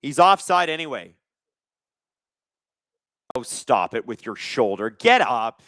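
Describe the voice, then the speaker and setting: A young man hosting a live watch-along, reacting to the game with sarcastic, excitable commentary. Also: medium pitch, slow, dry recording, studio quality. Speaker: live stream host.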